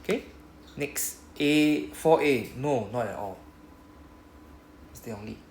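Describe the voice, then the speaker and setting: A man's voice: mid-range voice, a little mellow, slight background noise. Singaporean man, Japanese teacher, patient step-by-step drilling, echoey room. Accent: Singaporean English. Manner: patient, explains step by step, drills phrases slowly. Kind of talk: classroom teaching. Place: classroom.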